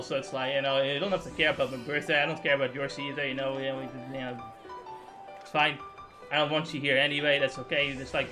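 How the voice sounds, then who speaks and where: A young man venting in a casual, profane rant on his game stream, swinging from loud outbursts to low muttering.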